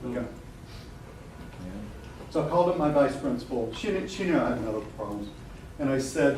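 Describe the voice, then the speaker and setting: A man's voice: mid-range voice, expressive, fairly quick, pauses often, a little mellow. A middle-aged man giving a live webinar talk to a room of people, candid and joking, swearing and laughing often. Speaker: webinar presenter. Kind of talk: casual live talk to an audience. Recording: echoey room from a distance with background noise.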